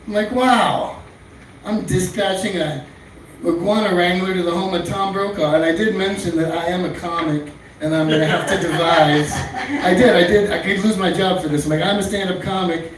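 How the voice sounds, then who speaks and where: A man's voice: sits high, steady tone, moderate pace. Crude rambling male stand-up comic. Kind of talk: stand-up comedy set. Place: small comedy club stage. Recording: echoey room, far-off mic, faint noise.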